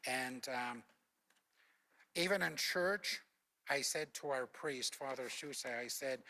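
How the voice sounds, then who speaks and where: A man's voice: medium pitch, slow, long pauses, bright, forceful tone. An older man from Alberta, a former Cree teacher, explains language points in a panel talk with patient, instructive anecdotes. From Alberta, Canada.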